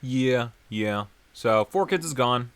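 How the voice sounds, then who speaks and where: A man's voice: medium pitch, lively intonation, takes it slowly, fairly bright tone, smooth. A man co-hosting a casual podcast chat, rambling with lots of fillers and frequent laughs. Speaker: podcast co-host.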